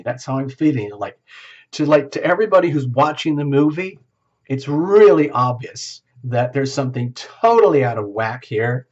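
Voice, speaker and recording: A man's voice: mid-range voice, darkish tone, slightly rough. Chatty male tarot reader, muffled sound. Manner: chatty, laughs often, acts out quoted dialogue. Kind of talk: solo tarot reading to camera.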